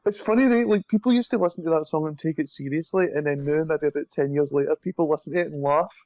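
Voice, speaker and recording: A man's voice: fairly high pitch, quick pace, a little mellow, no echo, low-quality recording. A man hosting a podcast in casual chat, joking and teasing his co-host.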